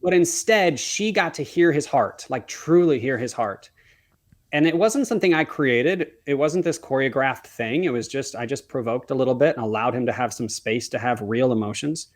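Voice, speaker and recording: A man's voice: medium pitch, animated, normal speed. Man, podcast guest, earnest storyteller, quotes dialogue, mid-range voice. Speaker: wedding photographer, podcast guest.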